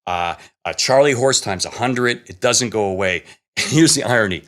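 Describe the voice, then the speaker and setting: Animated man telling a diving story. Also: lowish voice, moderate pace. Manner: animated, acts out dialogue, laughs often. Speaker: guest cameraman telling stories. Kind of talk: casual storytelling.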